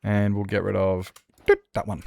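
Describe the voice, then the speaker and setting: A man's voice: lowish voice, monotone, unhurried, vocal fry, warm tone. An Australian man chatting casually and joking with his chat while streaming a building game. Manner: joking, self-mocking banter with chat.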